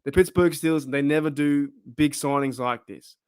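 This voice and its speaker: A man's voice: a little high, normal speed, darkish tone, clear, resonant tone, no room sound, studio quality. A man with an Australian accent hosting his own fan channel, chatting casually and rambling as he asks viewers questions. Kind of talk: casual chat to camera.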